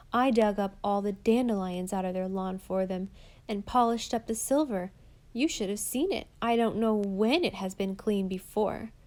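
Storybook role: woman voicing a gossipy, bragging schoolgirl, middle pitch. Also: a little mellow, lightly acted. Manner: gossipy, self-important chatter. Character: boastful lying schoolgirl.

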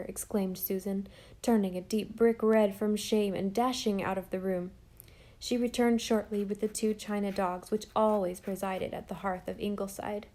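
A woman narrating an audiobook in a calm, measured storytelling manner. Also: mid-range voice. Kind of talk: scripted narration.

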